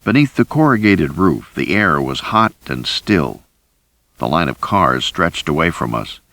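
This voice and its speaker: A man reading a thriller audiobook in first person, with a steady, deep delivery. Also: a little slow, no room sound. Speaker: audiobook narrator. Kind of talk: scripted first-person narration.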